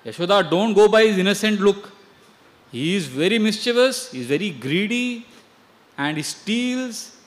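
A woman's voice: mid-range voice, expressive, moderate pace, voice pushed up, natural voice. A man voicing a village cowherd woman who insistently complains about a mischievous child. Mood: complaining. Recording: long hall reverb.

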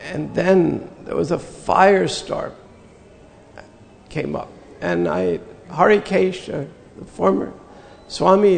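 Gravelly older man telling a memory. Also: on the high side, long reverb tail, slight background noise. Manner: earnest, reflective, slow-building pauses. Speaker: spiritual teacher recounting memories. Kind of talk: personal storytelling talk.

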